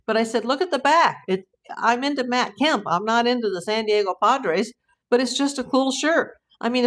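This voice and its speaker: A woman's voice: on the high side, a bit bright. A woman from Southern California hosting a true crime livestream, chatting casually, reading viewer comments and rambling with frequent laughs.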